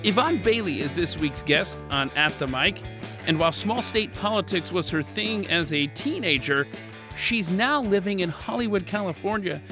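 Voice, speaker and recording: A man hosting a podcast interview and reading an ad, joking about his own slips. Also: on the high side. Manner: self-deprecating, laughs at own slips. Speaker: podcast host.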